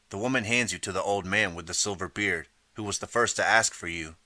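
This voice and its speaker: A man reading a second-person interactive audiobook in steady, measured narration. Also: low-pitched, no echo.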